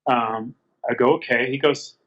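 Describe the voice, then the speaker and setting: A man's voice: mid-range voice, steady tone, a little slow. Earnest storytelling man, muffled audio. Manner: earnest, repeats phrases, quotes conversations at length. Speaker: guest. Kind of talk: candid conversational storytelling.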